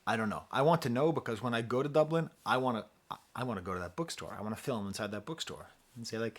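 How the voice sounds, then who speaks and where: A man's voice: medium pitch, expressive, fast. Casting: man, talky music reviewer, mid-range voice, easygoing and self-deprecating, laughs between points. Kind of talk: casual album review.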